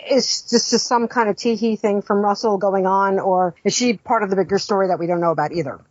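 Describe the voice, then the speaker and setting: A woman's voice: mid-range voice, fairly quick, a little mellow, no echo, dull audio. A woman co-hosting a podcast, talking thoughtfully with frequent hesitations. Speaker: podcast co-host. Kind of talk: casual discussion.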